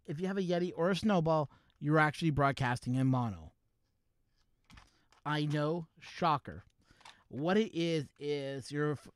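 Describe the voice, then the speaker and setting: A man's voice: a little high, no room sound. A man from Canada hosting a livestream, chatting casually about microphones with a joking, explanatory manner on a studio mic. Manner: jokey, explains gear, breaks into laughter. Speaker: livestream host. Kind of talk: casual chat to a co-host on stream. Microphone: professional mic wired into a mixer.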